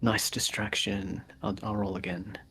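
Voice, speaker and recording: A man player making quick, playful remarks in casual chat. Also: lowish voice, level tone, background noise.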